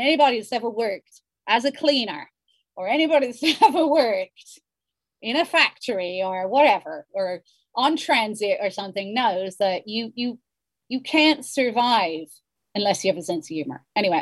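A novelist in her fifties muses through a reflective interview, rambling and restarting her sentences often. Her mid-range voice is brisk and a little rough, with no echo.

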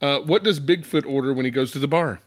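A man's voice: mid-range voice, fast, no room sound. A man co-hosting a casual movie podcast, telling corny jokes in a dry, joking manner. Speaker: podcast co-host. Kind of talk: casual movie review chat.

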